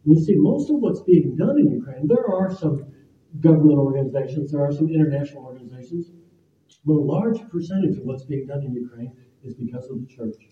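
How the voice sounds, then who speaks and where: An older man preaches to his congregation with a slightly raised pitch, wandering into stories with a few ums and restarts. He is heard from a distance in a roomy, echoing space. The sound is thin and narrow, like a phone line. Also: expressive, brisk. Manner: storytelling with fillers and restarts. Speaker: pastor. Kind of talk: sermon. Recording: echoey phone-like room sound from afar.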